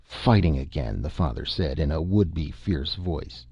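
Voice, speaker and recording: A man narrating an audiobook in a measured, even reading. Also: very deep voice, husky, dry recording. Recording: dull lo-fi dry recording.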